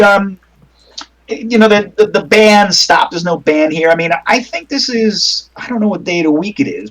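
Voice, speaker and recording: A man's voice: a little high, low-quality recording. A man narrating a tabletop game as game master, rambling with many fillers.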